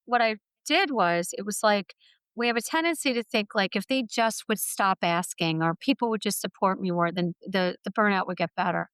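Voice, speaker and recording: A woman's voice: mid-range voice, moderate pace, fairly bright tone, smooth, no room sound. A middle-aged woman, a guest author, telling a personal story in an interview in an earnest, heartfelt way. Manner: earnest, heartfelt, vivid retelling.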